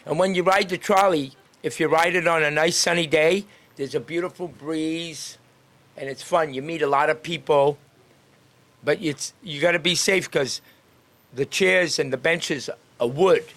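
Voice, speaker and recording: An upbeat man with a slightly high voice chats with people passing by on a town street. He talks freely, laughing often, as a street greeter and podcast host. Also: fairly even intonation, measured pace, fairly bright tone. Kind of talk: casual chat with passersby.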